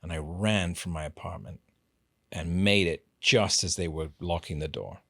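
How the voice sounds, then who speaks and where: An older man, a guest actor, telling animated anecdotes in a casual interview. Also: deep voice, moderate pace, gravelly, no room sound, studio quality. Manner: animated storyteller, lively anecdotes.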